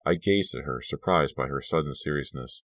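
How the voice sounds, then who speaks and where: A man narrating a scary audiobook in a measured, hushed storytelling manner, lifting his voice for the dialogue. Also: very deep voice, no room sound. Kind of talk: scripted narration.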